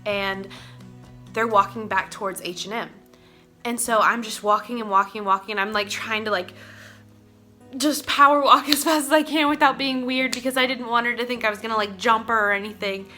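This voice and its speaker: A young woman from Oklahoma tells a rambling, excitable story straight to her camera. Her voice sits a touch high with a bright, forward tone. She keeps breaking into little giggles, with faint music underneath. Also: a little fast. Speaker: vlogger. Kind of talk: casual storytime vlog.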